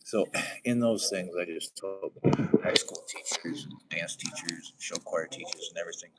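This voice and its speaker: A man's voice: deep voice, normal speed, far from the mic. A middle-aged man rambling on a phone livestream, profane and sarcastic, jumping from one odd comparison to the next. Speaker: livestream host. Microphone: phone front camera. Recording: phone mic with crowd noise.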